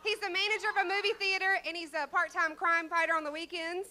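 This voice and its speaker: A woman with a very high, bright voice introduces comics from a club stage. She is casual and self-deprecating, talking loosely into a handheld mic. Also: flat delivery, quick pace. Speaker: comedy show emcee.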